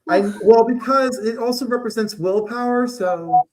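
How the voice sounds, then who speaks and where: A man's voice: extremely high pitch, normal speed, a little hiss or hum, poor audio. A man telling crude rambling stories in a casual panel chat. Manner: crude, rambling storyteller, loud acted outbursts.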